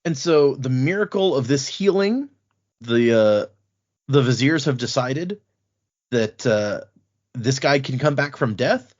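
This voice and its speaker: Husky guy retelling a book chapter on a podcast, lively voice, lo-fi sound. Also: mid-range voice, measured pace. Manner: animated, laughing. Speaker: podcast host. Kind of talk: casual book recap.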